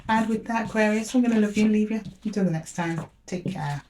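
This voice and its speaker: A woman's voice: medium pitch, fast, darkish tone, a little hiss or hum. A woman doing a tarot reading to camera, talking casually and directly to the viewer and asking aloud for each card. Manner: chatty, talks straight to the viewer, asks aloud for each card. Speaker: tarot reader.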